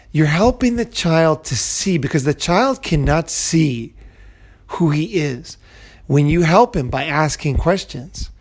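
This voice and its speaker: Guy with a gravelly, kinda high voice, rambly self-help talk, keeps restarting. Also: a little mellow. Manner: rambling, full of restarts and "you know". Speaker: self-help video host. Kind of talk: casual advice monologue.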